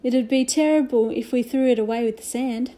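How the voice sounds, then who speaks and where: A woman voicing an anxious, earnest young boy with a quick, boyish delivery in a storybook reading. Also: on the high side, warm tone, close to an everyday voice.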